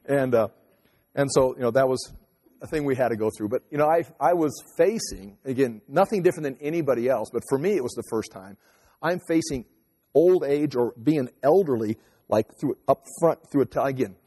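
A man in his fifties telling a personal story casually, rambling with many halting restarts. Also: mid-range voice, animated, mellow, breathy edge. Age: 50s. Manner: rambling, halting restarts, acts out voices in quotes. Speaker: teacher and speaker. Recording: long hall reverb.

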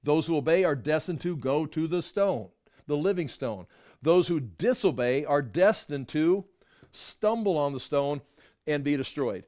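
A man's voice: fairly high pitch, lively intonation, measured pace, a little mellow. A middle-aged man teaching a Bible study, reading verses aloud and explaining them line by line. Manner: explains verses, reads scripture aloud and comments.

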